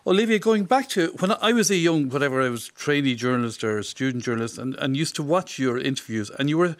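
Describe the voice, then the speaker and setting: A man interviewing a guest with admiring, lively questions. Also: medium pitch, fast talker, no echo.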